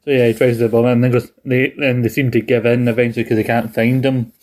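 A man's voice: medium pitch, flat delivery, fast talker, a little mellow. A young man chatting casually as a podcast co-host, rambling and laughing often as he recaps a cartoon episode. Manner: rambling, laughs often, quotes lines in put-on voices.

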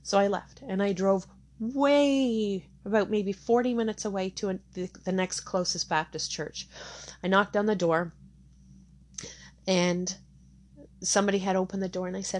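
A woman's voice: mid-range voice, normal speed. A middle-aged woman telling her own hard story candidly, with many fillers and restarts. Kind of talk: personal testimony.

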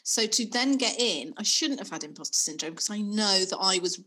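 Middle-aged woman, bright tone, breathy husky edge, self-deprecating, chatty. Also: medium pitch, lively intonation, moderate pace. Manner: self-deprecating, laughs often. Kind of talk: casual chat.

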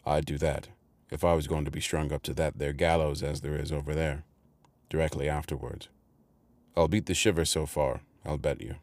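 A gruff, ravenous convict, suspicious of everything around him, as a man reads him. His rough country speech sits in a very deep register. The sound is dry and close. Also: level tone, moderate pace, a little mellow, dry recording.

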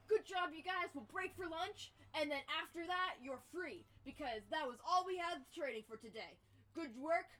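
A woman's voice: sits high, animated, normal speed, a bit bright. A woman running a tabletop game as game master, chatty and casual with frequent giggles. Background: faint music.

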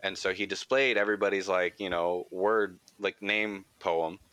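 A young man tells a story on his podcast in a loose, rambling way, swearing often and leaning on "like." His lowish voice comes across bright and smooth. The sound is dry and close, with no room around it. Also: steady tone, normal speed, no room sound. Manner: rambling, profane, full of "like" fillers. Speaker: podcast host. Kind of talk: casual storytelling chat.

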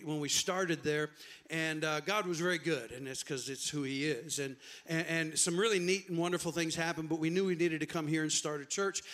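A man's voice: a little high, a bit bright. A middle-aged man, a pastor, telling a chatty story to his congregation during a sermon in a church. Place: church sanctuary.

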